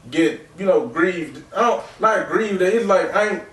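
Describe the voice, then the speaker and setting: Man, 20s, podcast host, candid storytelling, rambling, emotional, fairly high voice, distant mic, echoey room. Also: animated, a little slow, fairly bright tone. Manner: raw, rambling, emotional, with repeated asides like "real talk" and "bro".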